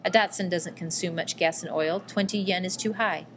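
A woman's voice: fairly low pitch, normal speed, a little hiss or hum, lightly acted. A woman reading the lines of a determined young woman who bargains firmly. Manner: firm, bargaining. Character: determined older sister, young woman, sharp.

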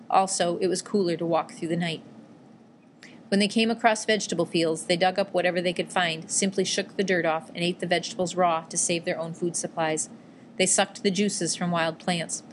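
Low-voiced woman narrating an audiobook. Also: slight background noise.

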